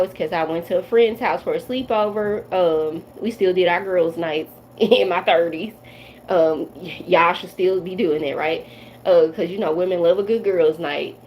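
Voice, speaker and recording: A woman's voice: lowish voice, normal speed, darkish tone, a little hiss or hum, poor audio. A woman in her forties from the Midwestern United States, a tarot reader chatting loosely and directly to viewers on a live stream. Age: 40s. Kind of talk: casual live-stream chat.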